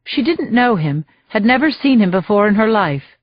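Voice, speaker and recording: A woman reading a thriller audiobook in measured, scripted narration. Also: medium pitch, sing-song, dry recording, muffled recording.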